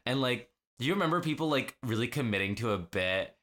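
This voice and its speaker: Rambling man, lively, bright voice. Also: medium pitch, fast. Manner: rambling, lots of "like" fillers, acts out quotes. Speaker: podcast co-host. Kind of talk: casual recap chat.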